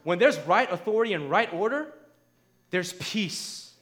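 A man with a high voice preaches a sermon. He talks conversationally, often checking in with his listeners, and drives his points home with rising, emphatic force. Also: animated, measured pace. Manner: emphatic, rising to near shouts; conversational, asks the crowd "right?".

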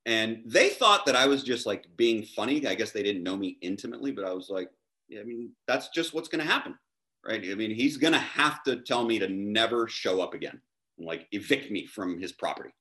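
A man's voice: lowish voice, fairly quick. A man, a chef guest, telling a story in casual chat and acting out the voices of the people in it. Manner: animated, acts out dialogue in his anecdotes.

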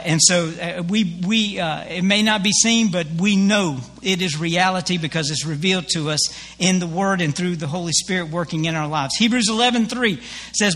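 A man's voice: sits high, a bit bright. A man preaching a sermon as pastor, telling stories in a folksy way with many fillers and restarts.

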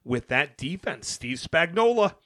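A young man co-hosting a sports podcast, animated and talking over his co-host as he recaps games. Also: on the high side, unhurried, dry recording. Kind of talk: casual sports chat.

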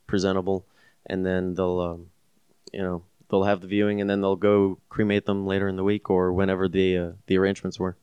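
A man's voice: low voice, flat delivery, fairly quick, clear, resonant tone, no room sound, lo-fi sound. A man who works at a funeral home, a podcast guest explaining his work in casual chat with fillers.

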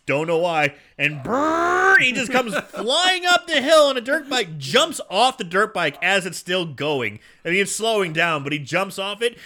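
A bright, high-voiced man in casual chat, retelling a movie plot with an animated, bouncing delivery. He slips into quick quoted voices and laughs often as he tells it. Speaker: podcast co-host.

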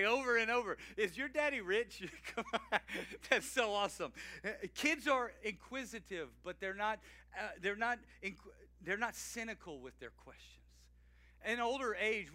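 Male pastor in his forties, high and very bright voice, energetic conversational sermon delivery. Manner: energetic, conversational, laughs often, shouts greetings.

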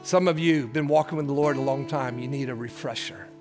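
With music in the background, a pastor in his sixties talks fast in a mid-range voice during a church service sermon. He moves from folksy tales to fervent appeals and calls out to the congregation.

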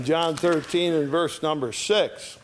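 A man's voice: fairly high pitch, fairly even intonation, slow, a little hiss or hum. A man preaching a conversational sermon, reading scripture aloud and often checking in with his listeners. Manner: conversational Bible teaching, reads scripture aloud; often checks in with "all right?".

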